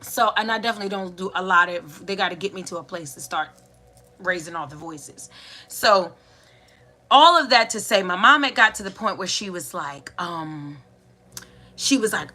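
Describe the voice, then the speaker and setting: A woman in her thirties hosting a podcast, telling family stories in a casual, animated way and acting out the voices of her relatives. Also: medium pitch, moderate pace. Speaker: podcast host. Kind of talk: casual storytelling monologue.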